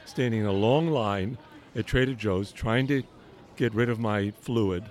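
An older man hosting a podcast outdoors in a garden, teasing and joking with halting restarts. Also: fairly low pitch, a little mellow. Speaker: podcast host. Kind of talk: casual outdoor chat.

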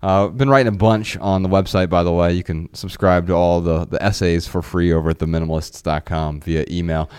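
A man's voice: low voice, steady tone, fairly quick, hardly any pauses, a little mellow, smooth. A man co-hosting a podcast, chatting casually and rambling, often restarting his phrases. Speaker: podcast co-host.

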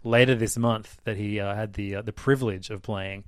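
A man's voice: on the low side, steady tone, brisk, clear, resonant tone, no room sound. A man hosting a casual podcast, joking around with loose fillers. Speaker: podcast host. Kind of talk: casual chat.

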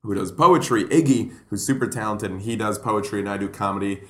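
A young male comedian sits in as a podcast guest, his voice low and a bit deep. He rambles through his stories and acts out the people he quotes. His voice echoes around the room. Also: fast talker, few pauses. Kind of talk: casual podcast chat. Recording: roomy echo.

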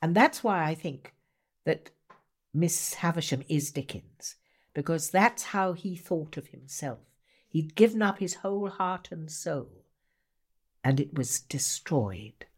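A woman guest, an actor and writer, telling stories in animated conversation with a theatrical, emphatic manner. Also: sits low, takes it slowly.

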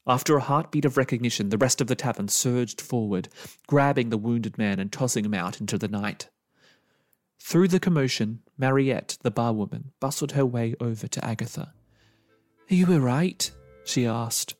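A man's voice: medium pitch, moderate pace, no echo, clean studio sound, soft background music. Man reading a dramatic story. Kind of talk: storytelling narration.

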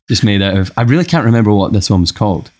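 A young man talks casually as a podcast guest, drifting through stories with lots of ums and restarts. His voice sits very low. The sound is close and dry. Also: darkish tone, no room sound. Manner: rambling, hesitant, with many fillers. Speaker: musician guest. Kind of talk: casual chat.

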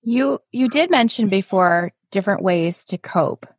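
Woman podcast host, chatty and self-deprecating, dry close mic, mid-pitched voice. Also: lively intonation, a little slow, no echo. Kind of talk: casual podcast conversation.

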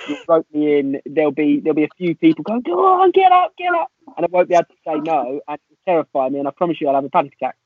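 A man's voice: a little high, fairly even intonation, racing, few pauses, no echo. A man, a guest on a podcast, chatting in an earnest, self-deprecating way over a remote line. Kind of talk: casual chat over a remote call. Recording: tinny phone-like line, dry.

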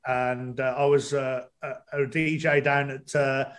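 A man's voice: mid-range voice, flat delivery, measured pace. A man guesting on a talk show, speaking hesitantly with lots of ums, over a video call. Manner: hesitant, many ums and restarts. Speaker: guest, stadium announcer. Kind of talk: casual podcast chat.

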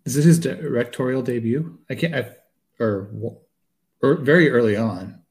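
Man, podcast co-host, mid pitch, chatty, quick to laugh, casual. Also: animated. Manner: chatty, laughs often, reminisces. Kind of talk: casual movie chat.

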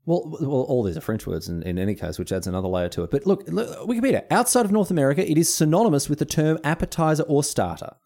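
Lively fast-talking Australian man. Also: on the high side, vocal fry. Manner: animated, teasing, laughs often. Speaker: podcast co-host. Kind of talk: casual chat.

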